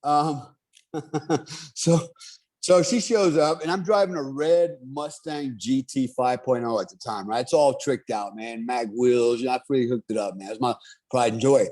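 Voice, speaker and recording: A middle-aged man telling a story in casual, profane talk, animated and laughing often. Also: mid-range voice, a little slow.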